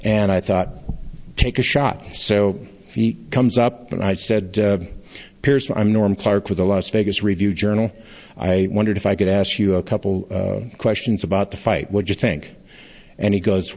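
A middle-aged man, a newspaper columnist, telling stories in an interview in a rambling, halting way with frequent restarts. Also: lowish voice, fairly even intonation, darkish tone. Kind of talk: anecdotal storytelling in an interview.

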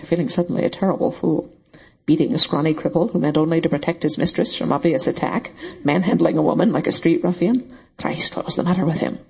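A man narrating a novel in a steady, even storytelling voice. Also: fairly high pitch, creaky, husky, poor audio. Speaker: audiobook narrator. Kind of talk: scripted narration.

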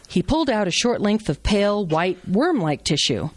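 A woman reading fiction aloud to a live audience in a measured narrating voice. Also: medium pitch, big pitch swings. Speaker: guest reader.

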